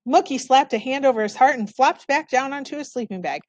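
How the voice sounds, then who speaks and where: A woman's voice: high-pitched, fairly quick, no echo, dull audio. A woman reading a children's novel aloud, narrating expressively in the first person. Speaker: storybook reader.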